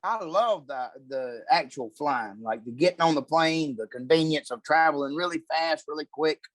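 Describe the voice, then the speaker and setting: A man's voice: a little high, moderate pace, no room sound. Profane man telling road stories. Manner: profane, rambling anecdotes. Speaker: comedian, podcast guest. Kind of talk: casual storytelling chat.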